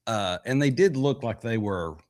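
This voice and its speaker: A man co-hosting a podcast in casual chat, talking haltingly with frequent restarts. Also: mid-range voice, expressive, a little mellow. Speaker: podcast co-host. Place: live podcast recording.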